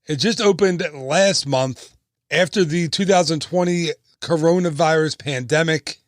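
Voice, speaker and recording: A man's voice: a little high, no room sound, clean studio sound. A man in his thirties hosting a casual travel podcast, upbeat and chatty with joking asides. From United States. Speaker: podcast host and travel agent.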